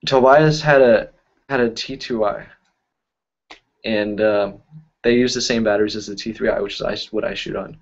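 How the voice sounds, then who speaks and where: A man's voice: on the low side, steady tone, normal speed, pauses often. Guy rambling thru a live stream story, keeps correcting himself, laughs a lot, dull lo-fi mic. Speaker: YouTube magic and cardistry creator. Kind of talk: casual live-stream chat answering comments.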